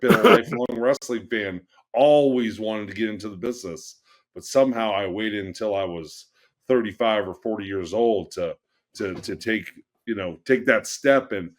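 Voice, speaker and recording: A man co-hosting a podcast in casual chat who runs a wrestling school, measured and often checking in with his partner. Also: lowish voice.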